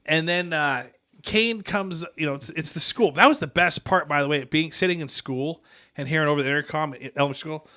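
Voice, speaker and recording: Bright-voiced man telling a rambling story. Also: a little high, brisk. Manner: rambling, self-correcting anecdote with quoted dialogue. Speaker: podcast co-host. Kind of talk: casual storytelling chat.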